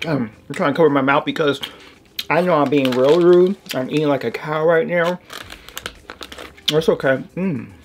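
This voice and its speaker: An American woman vlogger with a low-pitched voice chats casually at normal speed while unboxing and tasting snacks, pausing often. She talks with her mouth full and hums "mm" between bites. The recording is noisy with wrapper crinkling.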